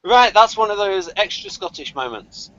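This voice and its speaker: A man leads a relaxed group chat over a video call. His voice sits a little high and swings widely in pitch as he jokes and explains. The call audio sounds dull and lo-fi. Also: moderate pace. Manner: lively, animated, laughs often. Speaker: discussion host. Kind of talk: casual online group discussion.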